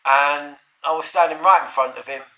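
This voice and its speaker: With a slightly high voice at a moderate pace, this middle-aged storyteller sounds pushed and bright. He rambles through a casual personal anecdote, full of profanity and chuckles. There's a roomy echo on the recording.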